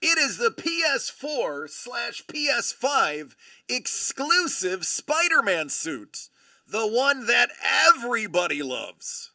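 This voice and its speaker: A man hosting a live stream, excitedly opening trading cards and exclaiming over each one. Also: extremely high pitch, slow pace, no room sound, clean studio sound. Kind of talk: live-stream card breaking.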